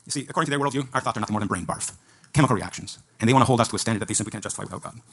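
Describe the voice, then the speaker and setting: A man giving a fervent debate speech to an audience at a live event, preaching in rapid-fire bursts. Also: lowish voice, gravelly, fairly bright tone.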